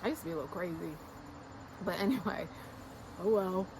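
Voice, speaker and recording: Speaking briskly in a lowish voice, this American woman is heard through heavy background noise. She's a YouTube creator giving her channel an emphatic pep-talk rant that is slangy, blunt, insistent, and full of repetition to pound her message in.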